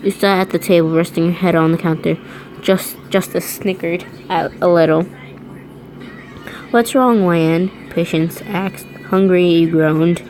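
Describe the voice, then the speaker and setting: A woman's voice: lowish voice, fairly even intonation, unhurried, a little mellow, poor audio. A woman reading fan fiction aloud, often stumbling over words and restarting lines. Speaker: reader.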